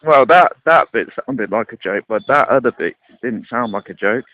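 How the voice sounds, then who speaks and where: A man's voice: mid-range voice, animated, normal speed. A man in a casual argument, insistent and repeating his point. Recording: tinny phone-like line.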